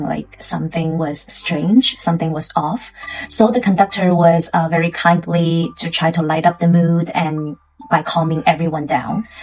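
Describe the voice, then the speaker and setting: A woman's voice: fairly low pitch, a little mellow, low-quality recording. A woman telling a spooky tale to her viewers in a chatty, casual way, full of fillers. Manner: chatty, loose phrasing with many fillers. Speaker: storyteller.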